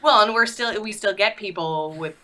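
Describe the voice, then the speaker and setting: A woman co-hosting a casual recap podcast, wry, reading from her notes and dropping quick quips. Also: medium pitch, pushed and bright. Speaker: podcast co-host.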